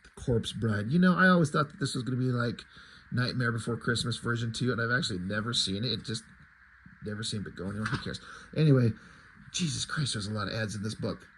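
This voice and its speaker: A man's voice: mid-range voice, quick pace, fairly bright tone, breathy edge, rough recording. A man reviewing a comic book in casual commentary, sarcastic and profane, with frequent asides.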